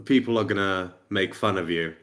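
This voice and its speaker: A man with a fairly low voice co-hosts a casual podcast. He explains his points in an insistent, lecturing way and keeps stressing that they are simply facts. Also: normal speed, fairly bright tone. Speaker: podcast co-host.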